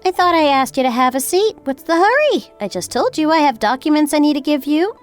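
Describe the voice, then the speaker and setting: Woman voicing a sweet-but-cutting young wife, bright high voice with wide swings, faint music behind. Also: animated, fairly quick. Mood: coldly triumphant. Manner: sweetly polite yet cutting. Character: cool, calculating young wife getting even. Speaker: daughter-in-law.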